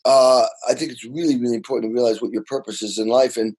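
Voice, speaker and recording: An older man talks with eager, tumbling energy, circling back and repeating words as he tells his stories. His voice sits at an ordinary middle pitch for a man, and he sounds excited about his life in music. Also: fast talker, husky, low-quality recording. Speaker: guest drummer. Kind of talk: animated storytelling in casual interview.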